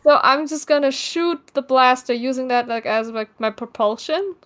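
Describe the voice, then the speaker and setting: A woman playing a tabletop role-playing game, excitable and flustered as she explains her moves. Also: high-pitched, normal speed. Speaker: player.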